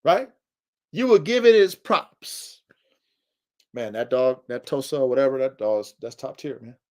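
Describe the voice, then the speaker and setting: A man's voice: medium pitch, animated, unhurried, a little mellow. A man hosting a livestream podcast, lecturing his listeners in an emphatic, preachy way, repeating himself and using casual slang. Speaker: podcast host.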